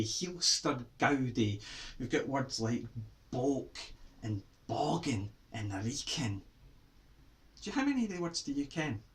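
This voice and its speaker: A Scottish man teaches children in a playful lesson, throwing quiz questions at them. His voice sits in a middle pitch but swings up and down animatedly as he asks and answers. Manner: lively, quizzing kids with questions. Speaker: writer teaching Scots words to children.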